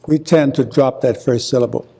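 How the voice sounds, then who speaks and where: An older man from Hilton Head Island with a Gullah accent, giving a university lecture deliberately and repeating example words as he explains. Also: medium pitch, warm tone, husky. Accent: Gullah, coastal South Carolina. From Hilton Head Island, South Carolina. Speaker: guest lecturer.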